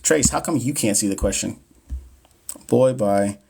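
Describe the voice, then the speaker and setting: A man's voice: lowish voice, unhurried, creaky, dark tone, slight background noise. A man in his thirties coaching nursing exam questions on a casual live stream. He jokes with viewers, talks right to them and stumbles over long medical terms. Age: 30s.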